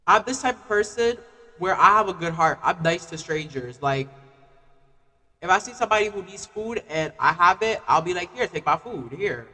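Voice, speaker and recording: A man's voice: sits high, moderate pace, big-room sound. A man ranting casually on a live stream, full of "like" fillers. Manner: animated, repetitive "like" fillers.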